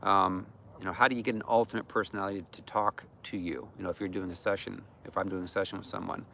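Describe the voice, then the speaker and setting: A man's voice: low voice, fairly even intonation, fast talker, gravelly, pushed and bright, a little hiss or hum. A man giving an informal, earnest teaching talk on healing, speaking conversationally with many fillers. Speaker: deliverance minister.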